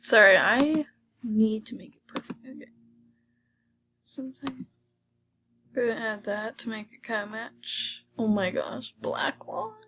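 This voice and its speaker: Female gaming vlogger, slightly high, slow talker, giddy reactions, frequent whispers. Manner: excitable, often drops to a whisper. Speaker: gaming video host. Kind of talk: casual gameplay commentary.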